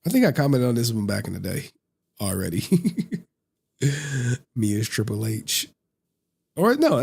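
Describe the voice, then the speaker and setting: A man in his thirties hosting a casual live stream, talking in slang, laughing often and telling stories in an animated way. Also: medium pitch, gravelly, breathy edge. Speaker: streamer host.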